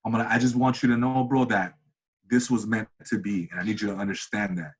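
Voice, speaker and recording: Casual male interview guest, 30s, husky, animated storyteller who does voices. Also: a little fast. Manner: animated, acts out quoted voices with big pitch jumps. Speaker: interview guest, comedian and cinematographer.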